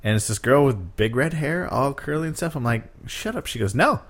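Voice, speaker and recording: A man of average pitch chats casually among friends. He tells a lively anecdote, acting out each quoted line as he goes. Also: fairly quick. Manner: lively anecdote teller, acts out quoted lines. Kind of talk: casual chat.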